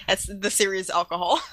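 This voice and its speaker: A woman's voice: mid-range voice, fairly bright tone, no room sound. A woman co-hosting a podcast in casual chat, joking wryly and laughing often. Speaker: podcast co-host. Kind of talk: casual chat recapping a cartoon.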